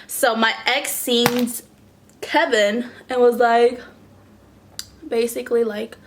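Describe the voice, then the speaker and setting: Young woman, vlogger, casual storytime, animated, swears, fairly high voice. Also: slow, background noise.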